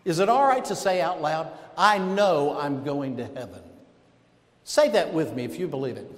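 A man preaching a sermon as pastor, emphatic, with dramatic pauses and sudden outbursts. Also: sits high, fairly bright tone. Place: church sanctuary. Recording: echoey hall with long reverb.

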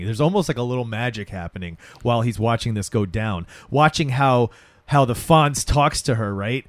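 A man's voice: medium pitch, moderate pace, dry recording. A man in casual chat, recapping a TV episode and acting out the characters' lines along the way. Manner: animated retelling with acted quotes.

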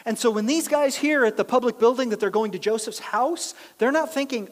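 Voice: medium pitch, brisk. A pastor preaching a sermon, telling the story with energy and acting out the voices of the people in it. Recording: long reverb of a large hall.

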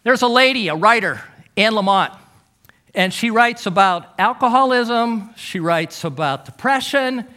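A middle-aged man preaching a sermon, telling stories with emphatic delivery and dramatic pauses. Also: high-pitched, animated, bright, forceful tone.

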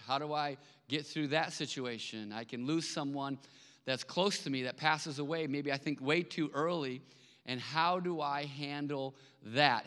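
A man preaches in a conversational, animated style, pushing some lines out loud and dropping others to a hush. His voice is bright and forceful, sitting a little high for a man. The sound carries the long reverb of a church hall. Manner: conversational, animated, swings between loud emphasis and soft storytelling. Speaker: pastor. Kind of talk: sermon. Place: church sanctuary.

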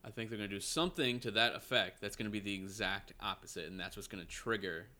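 A man co-hosting a podcast in casual chat, talking in an animated, excitable way. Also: on the low side, quick pace. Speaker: podcast co-host.

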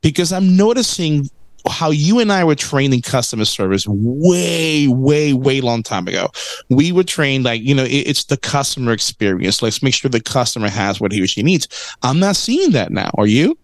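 Animated man telling a story. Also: medium pitch, moderate pace, dry recording. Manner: animated storyteller, acts out quotes. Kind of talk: casual chat.

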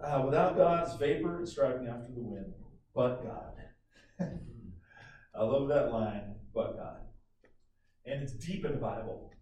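A man with a mellow, dark tone preaches in a loose, conversational style to his congregation. He is picked up from a distance in a very echoey church room. Faint room ambience hangs behind him. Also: medium pitch, slight background noise. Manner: conversational, animated preaching with call-and-response. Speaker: pastor. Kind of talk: sermon. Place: church sanctuary.

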